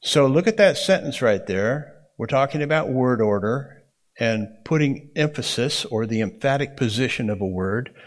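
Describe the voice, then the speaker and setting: A man's voice: mid-range voice, animated, moderate pace. A man teaching a Bible interpretation class, explaining in a folksy way and often checking in with the room. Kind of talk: classroom lecture.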